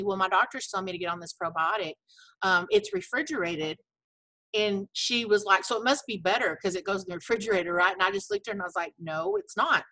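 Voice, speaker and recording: Bright, chatty middle-aged woman storyteller. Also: mid-range voice, no echo, rough recording. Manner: chatty storyteller, many fillers and quoted dialogue. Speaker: network marketing distributor sharing her story. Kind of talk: casual personal testimony. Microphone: video call.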